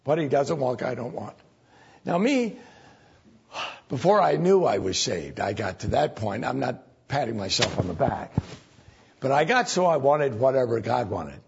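Gravelly husky preacher guy, folksy chatty sermon, muffled old recording. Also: mid-range voice, lively intonation, moderate pace, slight background noise. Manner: folksy, conversational preaching with sudden raised emphasis.

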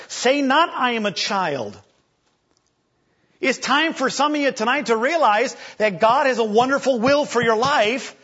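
A man preaching an animated sermon, acting out scripture voices and stammering for effect. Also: very high-pitched, measured pace, slightly rough. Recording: dull lo-fi recording.

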